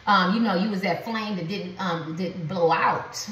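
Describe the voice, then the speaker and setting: A woman's voice: lowish voice, normal speed, a bit bright, far from the mic. A woman giving a spiritual tarot reading to her viewers, rambling and repetitive with lots of slang and fillers. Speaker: tarot reader. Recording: echoey room, voice set back from the mic.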